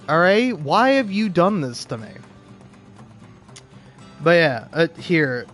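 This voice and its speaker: A man's voice: a little high, lively intonation, moderate pace, soft background music. A man commentating on a gaming livestream who rants, swears and makes theatrical outbursts.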